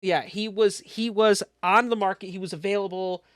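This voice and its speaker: A co-host in loose, animated sports chat. The voice sits at a middle pitch, with a dry, close sound and almost no room around it. They swear easily along the way. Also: moderate pace, smooth, no room sound. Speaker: podcast co-host.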